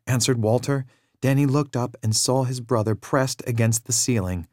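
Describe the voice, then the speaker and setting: A man narrating a children's adventure story in a measured, expressive read-aloud style, with a very dry sound. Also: mid-range voice, no room sound.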